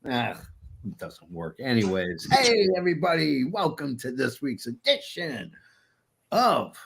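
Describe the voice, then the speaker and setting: Male wrestling podcast co-host with a gravelly voice, playing up a mob boss for laughs. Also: mid-range voice, wildly swooping pitch, measured pace, a bit bright. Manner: jokey mob-boss persona, laughing often. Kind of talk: casual wrestling chat.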